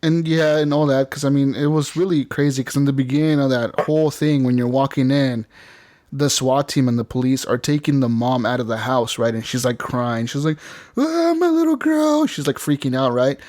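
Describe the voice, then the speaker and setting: A man's voice: medium pitch, little pitch movement, fairly quick, a little mellow, no room sound, studio quality. Rambling man chatting about games. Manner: rambling, laughing, acts out game lines. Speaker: podcast co-host. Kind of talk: casual gaming chat.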